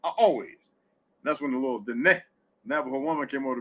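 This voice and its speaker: A man's voice: a little high, fairly quick. A middle-aged man hosting a casual live audio chat, blunt and profane as he tells stories. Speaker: host.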